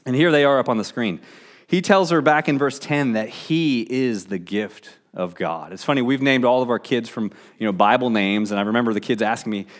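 A man's voice: mid-range voice, brisk. A middle-aged man preaching a sermon in a conversational way, with frequent fillers and restarts. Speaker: pastor.

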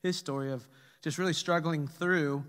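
A middle-aged man preaches as pastor in a fairly high, slightly bright voice that stays steady at a normal speed. Recorded in an echoey church hall with long reverb, he tells humorous stories about his family and asks the congregation to reply.

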